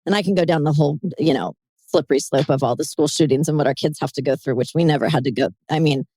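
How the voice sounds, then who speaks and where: A woman hosting a podcast in casual interview chat, animated, chatty and quick to laugh. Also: deep voice, dry recording, clean studio sound. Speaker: podcast host.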